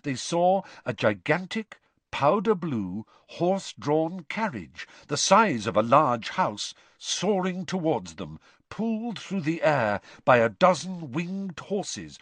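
A man narrating a storybook audiobook in an expressive, suspense-building way. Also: a little high, takes it slowly, dry recording. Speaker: audiobook reader.

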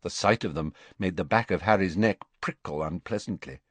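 A man narrating a fantasy novel in a measured, expressive way. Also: sits low, dry recording. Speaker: audiobook narrator. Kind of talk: scripted narration.

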